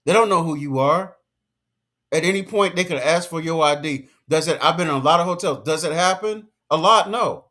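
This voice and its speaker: A man with a fairly high voice delivering an emphatic, slangy commentary rant. He lectures his listeners and hammers each point home by repeating it. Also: normal speed, pushed and bright. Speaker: commentary vlogger.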